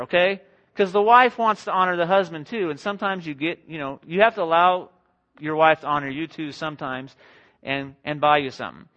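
A young married man preaching a sermon to a congregation in a conversational, self-deprecating way, slipping into quick acted-out quotes. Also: on the high side, bright, forceful tone. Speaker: pastor. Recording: dull lo-fi sound.

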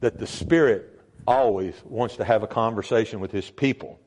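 A man's voice: moderate pace, a little mellow, slightly rough. Emphatic older male pastor preaching. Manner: emphatic, with sudden jumps in pitch and volume. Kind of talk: sermon.

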